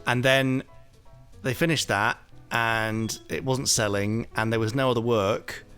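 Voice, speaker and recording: A man talking as a podcast guest, thoughtful and hesitant with many pauses and fillers. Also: medium pitch, steady tone, fairly bright tone, clean tone, soft background music. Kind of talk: casual podcast talk.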